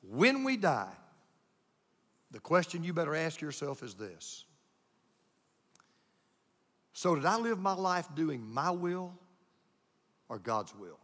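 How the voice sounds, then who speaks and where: A man's voice: a little high, very animated, slow pace, long pauses, fairly bright tone, big-room sound. An older male pastor preaching a sermon with folksy, emphatic storytelling.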